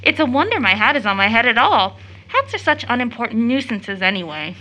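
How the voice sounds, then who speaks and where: A playful, impulsive young woman, as an actress reads her part speaks in a bright, forceful voice that sits a little high. She gushes and teases with easy affection in this stage play reading. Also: big pitch swings, fairly quick, heavily acted, rough recording. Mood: excited. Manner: effusive, gushing, teasing.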